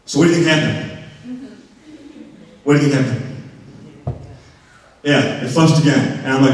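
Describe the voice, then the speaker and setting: Animated man speaking in an echoey hall. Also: fairly high pitch, unhurried, pauses often, recorded from a distance. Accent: American. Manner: animated and playful, acting out scenes. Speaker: motivational speaker. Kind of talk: storytelling talk to students. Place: school auditorium.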